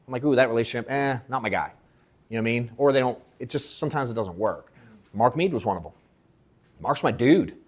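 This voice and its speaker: Speaking in a workshop event room, this man holds forth to the crowd in a loose, casual storytelling style, slangy and swearing freely. His husky, mid-range voice moves a little fast as he plays out what people said to him with animated quotes. He works as a sales coach.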